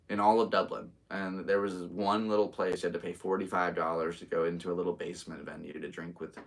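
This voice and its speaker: A deep-voiced American man in his thirties hosts a solo live podcast. He chats in a loose, easygoing ramble and talks straight to his viewers. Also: recorded from a distance. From United States. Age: 30s. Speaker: podcast host and stand-up comedian. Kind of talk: casual solo livestream chat.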